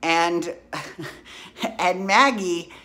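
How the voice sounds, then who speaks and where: A woman's voice: lowish voice, drawn-out words, pushed and bright. A woman hosting a casual soap opera recap podcast, chatty and blunt, swearing freely as she talks through the week's episodes.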